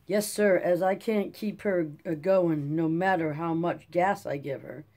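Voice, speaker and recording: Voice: mid-range voice, unhurried, a little mellow, natural voice. A reader voicing a rambling old Dust Bowl farmer. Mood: hopeful. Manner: rambling folksy drawl. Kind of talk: audiobook character reading.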